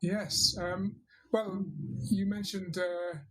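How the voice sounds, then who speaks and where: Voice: mid-range voice, level tone, takes it slowly, fairly bright tone, low-quality recording. A teacher, giving a thoughtful interview answer with frequent hesitations and restarts. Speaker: interviewed English teacher and trainer.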